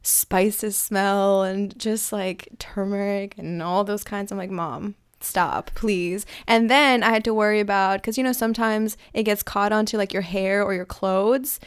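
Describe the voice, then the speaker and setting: A woman's voice: mid-range voice, fairly even intonation, moderate pace, few pauses, clear, resonant tone, no room sound, clean studio sound. A woman co-hosting a podcast in casual chat, giggling and explaining things. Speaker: podcast co-host.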